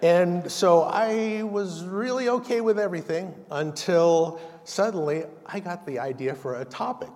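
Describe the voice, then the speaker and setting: A man's voice: high-pitched, unhurried, hardly any pauses, a little mellow. A man giving a conversational sermon as a lay preacher, telling stories with self-deprecating humor. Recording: long reverb of a large hall.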